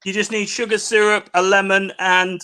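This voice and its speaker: High-voiced Englishman telling jokey stories. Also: little pitch movement, moderate pace, bright, forceful tone. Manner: jokey anecdote-telling with put-on quotes. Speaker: co-host. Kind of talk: casual drunken chat on a livestream.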